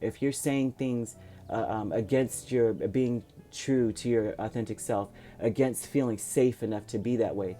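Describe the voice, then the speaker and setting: Man, tarot reader, casual, reassuring, rambling, warm mellow tone, faint music behind. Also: mid-range voice, unhurried. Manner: rambling, reassuring, with many fillers and restarts. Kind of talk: casual spoken tarot reading.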